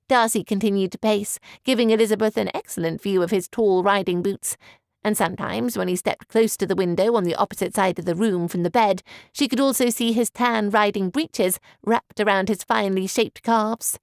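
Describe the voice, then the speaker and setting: A woman reads an audiobook aloud in measured, even narration. Her voice carries a gravelly texture, and the recording is dry and close, with no room sound. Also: medium pitch, dry recording. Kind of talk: scripted narration.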